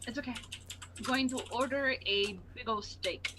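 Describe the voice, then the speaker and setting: A woman playing a tabletop game, calmly describing what her character does. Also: on the high side, moderate pace, background noise. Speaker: player. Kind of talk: casual tabletop play.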